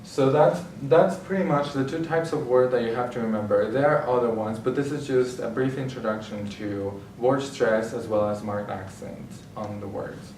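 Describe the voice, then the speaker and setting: A man's voice: mid-range voice, steady tone, normal speed, few pauses, a little mellow, far from the mic, slight background noise. A man explaining a language lesson in a plain, patient teaching style, often restarting his phrases. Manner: explanatory, repeats himself with small restarts. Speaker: Spanish teacher. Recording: echoey room, voice from off mic.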